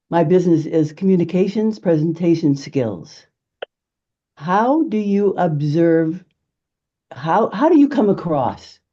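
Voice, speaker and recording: A woman giving a lively, emphatic networking pitch as a presentation skills coach, laughing often. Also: lo-fi sound.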